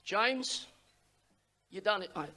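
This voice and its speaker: A middle-aged man, the father of the groom, giving a wedding speech, emotional and pausing to sigh. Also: sits high, animated, bright, forceful tone. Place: wedding reception hall.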